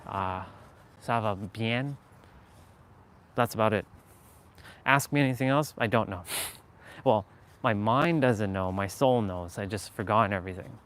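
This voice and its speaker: A man's voice: fairly low pitch, normal speed, pauses often, fairly bright tone. Guy rambling motivational stuff on his live stream, earnest, lots of likes and uhs, faint noise behind. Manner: earnest, rambling, self-help talk with fillers and laughs.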